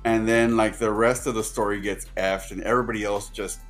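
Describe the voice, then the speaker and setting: A man's voice: lowish voice, steady tone, brisk, faint music behind. A man co-hosting a casual movie podcast, blunt and swearing as he criticizes performances. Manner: blunt, swears freely, vents about performances. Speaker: podcast co-host.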